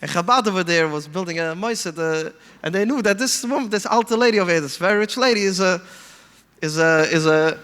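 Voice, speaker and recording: A man telling stories in an animated way, mixing in Yiddish phrases and acting out the people he quotes. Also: sits high, a little fast, clean tone, in a large hall. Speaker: podcast guest speaker. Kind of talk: storytelling talk.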